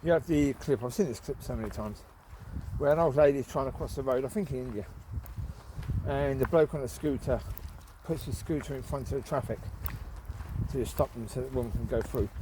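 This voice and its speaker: A man's voice: medium pitch, a little fast, background noise. A man, rambling in a casual commentary while out walking his dogs in the woods. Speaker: vlogger. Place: outdoors in rural woods.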